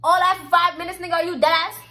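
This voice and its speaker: A young woman telling a storytime story to her viewers, animated and profane, talking straight to the camera. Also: extremely high pitch, very fast. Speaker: vlogger. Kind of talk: casual storytime monologue.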